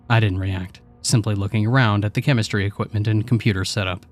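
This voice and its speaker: A man narrating a scripted horror story in a steady, measured way. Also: lowish voice. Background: faint music.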